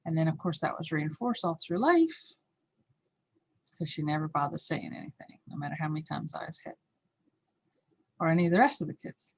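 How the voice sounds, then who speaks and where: A middle-aged woman teaching a course tells a candid, reflective personal story, acting out the voices in it, including yelled lines. Her voice is fairly low and husky.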